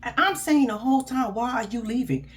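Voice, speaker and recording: A woman's voice: a little high, brisk, slight background noise. A woman, casually ranting through a blunt, profane reaction recap as a show host.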